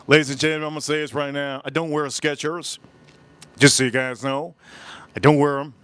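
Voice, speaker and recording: A man hosting a livestream, telling a story in an animated, emphatic way and repeating phrases for effect. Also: fairly high pitch, a little fast, clean tone, no echo. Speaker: livestream host. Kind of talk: live-stream storytelling chat.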